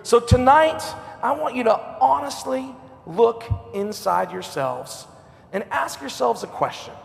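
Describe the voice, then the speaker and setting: High gravelly preacher man in a reverberant hall. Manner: storytelling, dropping to a hush then rising high and loud. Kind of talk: sermon.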